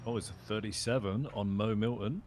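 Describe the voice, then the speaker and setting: A man's voice: fairly low pitch, fairly even intonation, fairly quick, noisy background. Joking man in police roleplay. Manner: joking and teasing. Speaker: fellow police roleplay player. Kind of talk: casual in-game roleplay chat.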